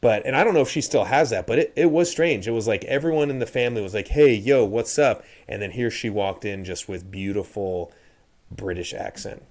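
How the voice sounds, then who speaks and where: Low-voiced man telling rambling stories. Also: a little fast, darkish tone. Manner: rambling storytelling with many restarts. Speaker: podcast host. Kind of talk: casual chat.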